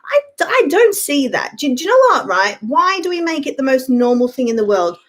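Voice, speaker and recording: A woman's voice: high-pitched, big pitch swings, moderate pace. A woman live-streaming a blunt, profane rant as she answers viewer comments. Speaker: YouTuber live-streaming to chat. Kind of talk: casual ranting live-stream chat.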